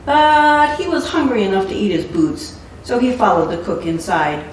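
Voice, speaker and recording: A woman's voice: medium pitch, very animated, moderate pace. A woman reading a picture book aloud with playful asides. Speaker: storybook reader. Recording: echoey room, mic far off, faint noise.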